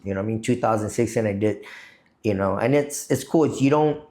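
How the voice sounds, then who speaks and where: Speaking in a lowish, dark voice at a brisk clip, a Guamanian man guesting on a podcast rambles through a lengthy, foul-mouthed tale. "You know what I mean" comes up again and again.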